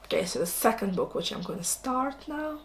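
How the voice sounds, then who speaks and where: A woman's voice: a little high, sing-song, normal speed, background noise. A woman casually chatting about books she has just read, enthusiastic and exclaiming, on a camera mic at home. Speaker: book vlogger. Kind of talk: casual book review chat.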